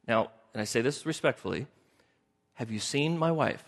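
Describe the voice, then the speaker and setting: A man preaching a sermon as pastor, animated and acting out the people in his story with shifting voices. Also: medium pitch, normal speed, vocal fry. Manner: animated, acts out biblical characters in shifting voices. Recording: long hall reverb.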